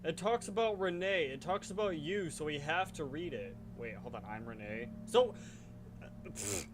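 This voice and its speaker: A man's voice: fairly high pitch, animated, normal speed, background noise. A man hosting a let's play, rambling and joking at himself as he reacts to the game. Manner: rambling, self-mocking, reacting aloud.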